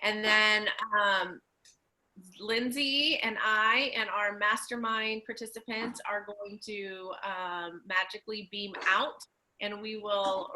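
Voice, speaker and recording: A woman's voice: medium pitch, pushed and bright, low-quality recording. A woman hosting a group video call, upbeat and encouraging. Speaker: host of a coaching program. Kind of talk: casual chat on a video call.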